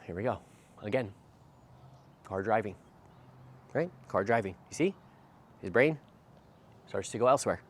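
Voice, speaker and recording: A man's voice: fairly low pitch, expressive, measured pace, long pauses. A man working as a dog trainer, explaining while he walks a dog outdoors, with a habit of asking "right?" after short phrases. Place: outdoors by a street. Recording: faint outdoor noise.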